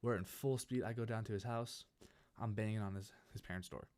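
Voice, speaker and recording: A young man from California telling a casual storytime over gameplay, rambling and animated, with many restarts. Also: fairly low pitch, a little fast. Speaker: gaming channel host.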